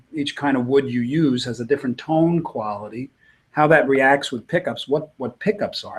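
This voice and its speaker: Middle-aged male guitarist, relaxed interview answers, rambling with restarts, mid-range voice. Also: medium pitch, breathy edge. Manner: rambling, many "you know" fillers and restarts. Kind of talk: casual interview talk.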